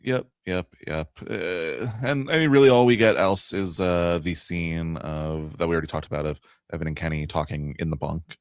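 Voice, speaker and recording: A man with a very low voice co-hosting a podcast, talking through a recap in an easygoing way and often breaking into laughter. The sound is dry and close to the mic. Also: moderate pace, hardly any pauses, clear, resonant tone, no room sound. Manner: laid-back, laughs easily. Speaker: podcast co-host. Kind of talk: casual podcast recap chat.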